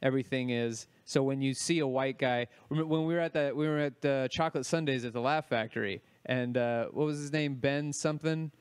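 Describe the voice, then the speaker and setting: A man's voice: medium pitch, a little fast, few pauses, clean tone. A man co-hosting a comedy podcast, trading teasing wisecracks in casual banter. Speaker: podcast co-host.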